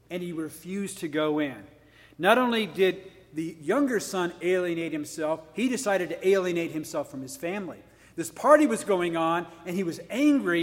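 Male preacher, high voice, earnest sermon, long echoing hall. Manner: earnest and emphatic, with many restarts and rhetorical questions.

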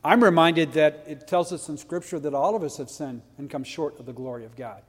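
Male preacher, high voice, earnest sermon, long echoing hall. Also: a little fast. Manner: earnest and emphatic, with many restarts and rhetorical questions.

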